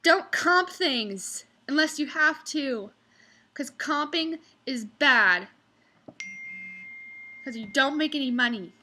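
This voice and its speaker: A woman's voice: sits high, lively intonation, slow pace, pauses often, bright, forceful tone. A young woman who works as a restaurant server, ranting casually about customers and mimicking them in exaggerated voices. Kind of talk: casual storytelling vlog.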